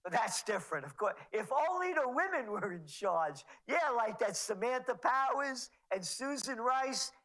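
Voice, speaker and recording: A man's voice: extremely high pitch, big pitch swings, normal speed, hardly any pauses, fairly bright tone, low-quality recording. A man speaking as a guest on a talk radio show, sarcastic and indignant, mocking the people he names. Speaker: guest commentator.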